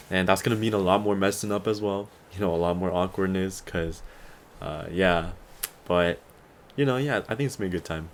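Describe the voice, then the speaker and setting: Young male podcast host, very low voice, loose and rambling, slightly tired, faint background noise. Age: 20s. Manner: rambling and easygoing, with many fillers and chuckles. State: a little tired. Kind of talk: casual solo podcast chat.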